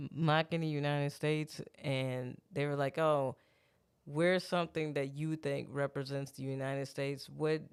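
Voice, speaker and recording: A woman's voice: deep voice, steady tone, measured pace, clean tone. A woman co-hosting a podcast in casual chat, blunt and profane, laughing often. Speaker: podcast co-host.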